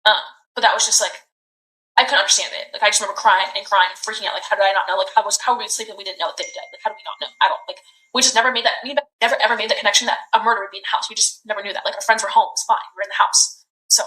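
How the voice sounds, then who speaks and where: A young woman in her twenties recounting events in a recorded police interview, talking in halting, rambling bursts full of "like". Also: mid-range voice, fairly even intonation, pushed and bright. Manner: halting, rambling, heavy use of "like". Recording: roomy echoey room.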